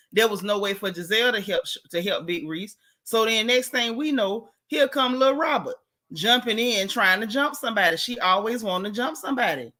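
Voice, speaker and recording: A middle-aged woman, host of a live gossip stream, chatting in a sassy, animated, colloquial way. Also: fairly high pitch. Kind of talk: casual gossip chat, greeting live chatters.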